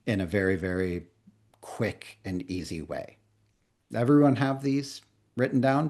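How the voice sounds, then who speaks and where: A man leading a live online coaching workshop, talking casually and playfully, then reading a definition slowly for note-taking. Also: lowish voice, darkish tone. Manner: conversational, playful, reads slowly for dictation. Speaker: coaching trainer.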